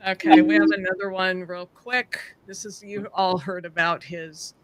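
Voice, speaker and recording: A woman's voice: medium pitch, sing-song, moderate pace, no room sound. A host leading a casual panel chat, chatty and laughing as she goes through clips.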